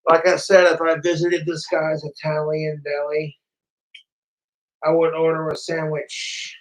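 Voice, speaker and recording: Casual male streamer, rambling and profane, slightly high voice, a bit off-mic. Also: monotone, a little slow, recorded from a distance, rough recording. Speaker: livestreamer. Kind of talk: casual livestream chat.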